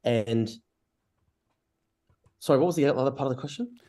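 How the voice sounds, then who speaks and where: A man's voice: mid-range voice, lively intonation, normal speed, warm tone. A young man in a heated online debate, pressing his point with repeated accusations. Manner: accusing, hammering one point.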